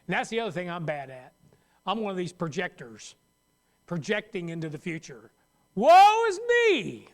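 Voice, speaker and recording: A man's voice: sits high, a bit bright. A man preaching a sermon as pastor, talking conversationally and acting out worried voices. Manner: conversational, acts out worried voices, laughs at own jokes.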